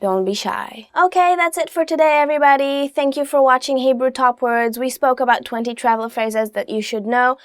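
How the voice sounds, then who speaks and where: Young woman, friendly lesson host, upbeat and chatty, slightly high, dry close sound. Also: no echo. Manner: chatty and upbeat, drawn-out phrase modelling. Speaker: language teacher host. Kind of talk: casual video lesson.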